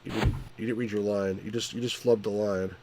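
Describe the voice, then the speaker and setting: A man's voice: on the low side, fairly even intonation, brisk, darkish tone, a little hiss or hum. A man hosting a game stream, chatting casually and reading out game dialogue in put-on voices. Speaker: let's play host. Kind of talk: casual chat, reading game lines aloud.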